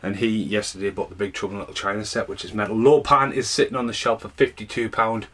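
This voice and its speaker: A man's voice: on the low side, fairly even intonation, fast talker, fairly bright tone. Sweary man ranting. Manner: sweary, rambling storyteller. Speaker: vlogger. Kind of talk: casual ranting vlog. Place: at home indoors. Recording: roomy echo.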